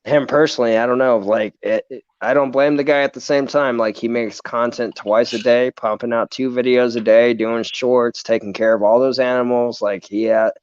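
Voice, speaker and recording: This man speaks in a smooth, clear voice at an ordinary pitch. He keeps it laid-back and casual while hosting his live stream. The audio is dry and a bit muffled. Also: fairly even intonation, normal speed, few pauses, dry recording. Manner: laid-back, says dude a lot.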